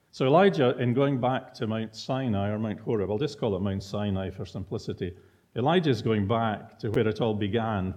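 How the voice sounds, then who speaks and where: Teacherly male preacher, lowish voice, quizzes the congregation. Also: a little mellow. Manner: teacherly, asks the listeners rhetorical questions. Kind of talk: expository sermon.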